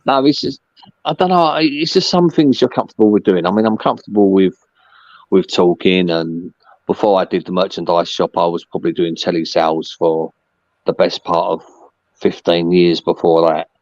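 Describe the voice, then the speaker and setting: A man's voice: sits low, steady tone, moderate pace, darkish tone, no echo, lo-fi sound. A man chatting casually as a podcast guest, rambling with plenty of fillers. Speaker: podcast guest, merchandise seller. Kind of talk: casual chat.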